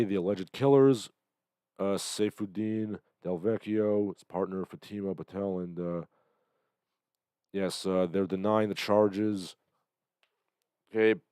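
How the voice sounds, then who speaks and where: Low voiced guy on a livestream, sarcastic rambling about the news, lots of uhs, dry close mic, bit of a cough. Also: fairly even intonation, measured pace, long pauses, warm tone, smooth, dry recording. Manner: sardonic, hesitant with many fillers. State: recovering from illness, coughing. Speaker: livestream host. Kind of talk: casual news commentary.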